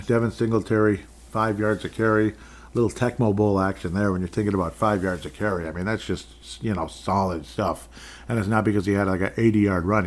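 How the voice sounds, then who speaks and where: Low-voiced man riffing on football scores. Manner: rambling, jokey, sarcastic asides. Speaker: podcast host. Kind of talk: casual sports commentary.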